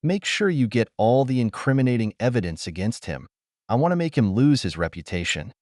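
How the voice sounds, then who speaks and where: A man reading as a betrayed husband who speaks calmly, coldly and with sarcasm in an audio story. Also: mid-range voice, brisk, no echo, clean studio sound, natural voice. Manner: calm, cold, sarcastic. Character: cold, betrayed middle-aged husband.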